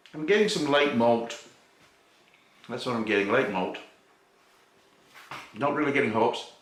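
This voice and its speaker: A man's voice: medium pitch, a bit bright, a little hiss or hum. A man chatting through a casual beer tasting review, rambling and swearing freely. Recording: echoey room.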